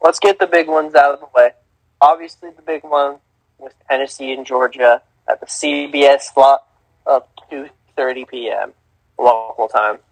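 A man hosting a casual sports talk podcast, animated and emphatic, swearing freely and restarting phrases. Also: mid-range voice, normal speed, no echo, rough recording. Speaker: podcast host.

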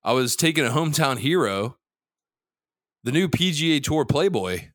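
Brief: cocky male podcast co-host, swears freely, ribs his partner, animated swings in pitch, dry sound. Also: moderate pace, no echo. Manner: loose, profane, teasing, jumps between topics. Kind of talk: casual sports betting chat.

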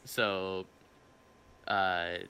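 A man's voice: low voice, level tone, extremely slow, a loud crowd. A young man hosting a casual podcast, telling a rambling, profane story with restarts. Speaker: podcast host.

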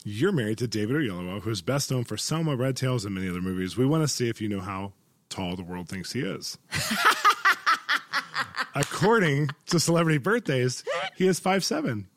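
A man's voice: medium pitch, expressive, brisk, dry recording. Man, talk-show host, jokey and laughing, dry close sound. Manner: jokey, laughs often, quiz-show teasing. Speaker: interview host. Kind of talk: playful interview chat.

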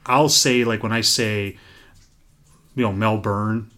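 A man's voice: medium pitch, unhurried, a bit bright. A man with an American Midwest accent, co-hosting a casual sports podcast and talking in a laid-back, rambling, joking way. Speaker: podcast co-host.

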